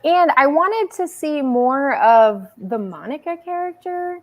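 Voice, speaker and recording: Lively woman chatting on a podcast. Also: high-pitched, unhurried, highs cut off. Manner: lively and swearing freely. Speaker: podcast co-host. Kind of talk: casual chat.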